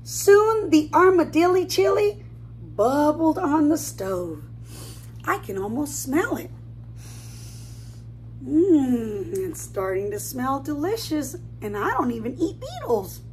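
Woman, preschool teacher, storybook read-aloud, high voice, sing-song, slow, questions to kids. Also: sing-song, a little hiss or hum. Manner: asks children questions, warm sing-song asides.

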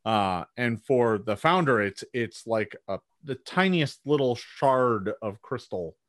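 A man's voice: mid-range voice, expressive, slow, no echo. A man narrating as game master of a tabletop game, describing the scene vividly.

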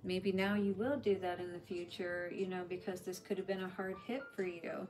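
A woman's voice: on the low side, flat delivery, normal speed, over music. A woman giving a spiritual tarot reading in a chatty, reassuring way, with lots of "you know" fillers. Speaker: tarot reader.

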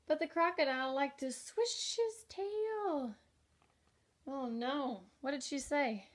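A young woman teacher reading a picture book aloud to young children, gentle and expressive, often pausing to ask questions. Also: sits high. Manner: gentle, slow and expressive, asking the listener questions.

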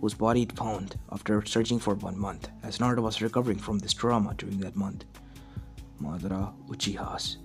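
A man's voice: on the low side, steady tone, fairly quick, faint music behind. A man narrating a fan story in a plain, run-on storytelling way.

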